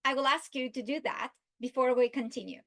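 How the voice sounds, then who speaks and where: A woman giving an instructional video lesson, speaking slowly and deliberately and stretching out her example words. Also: sits high, a bit bright. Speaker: literacy instructor.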